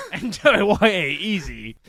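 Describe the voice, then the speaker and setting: A man improvising as a dialect coach on a comedy podcast, animated and encouraging. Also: high-pitched, slow, noisy background.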